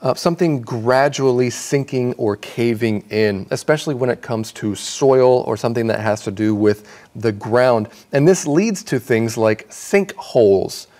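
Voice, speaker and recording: A man co-hosting an English lesson, explaining words in a relaxed, chatty way with everyday fillers. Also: mid-range voice, measured pace, hardly any pauses. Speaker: English teacher co-host. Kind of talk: casual classroom explanation.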